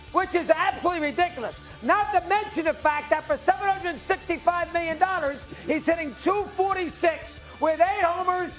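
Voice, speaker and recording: An older man with a very high, piercing voice, ranting loudly and rapid-fire in a TV studio. He sounds indignant and worked up. Faint music plays behind him. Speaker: sports debate guest. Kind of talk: sports debate rant.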